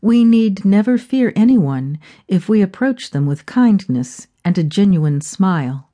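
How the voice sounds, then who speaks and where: A woman narrating a reflective audiobook in measured storytelling. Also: mid-range voice, very animated, mellow.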